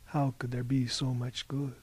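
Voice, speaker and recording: A man voicing a weary sea captain who answers questions with calm, enigmatic replies, in an audiobook reading. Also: mid-range voice, moderate pace, breathy edge, lightly acted.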